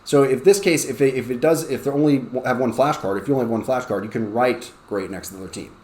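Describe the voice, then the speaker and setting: Speaking quickly in a mid-range, somewhat mellow voice, this ESL teacher guides fellow teachers through a lesson plan conversationally, often pausing on "okay?" to check in. There's a roomy sound and faint noise in the background.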